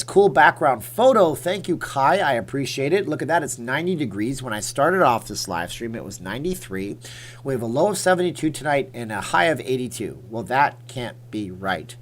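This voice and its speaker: A man's voice: medium pitch, a little hiss or hum. A man hosting a casual livestream, chatting in a rambling, opinionated way while answering viewer comments. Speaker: livestream host.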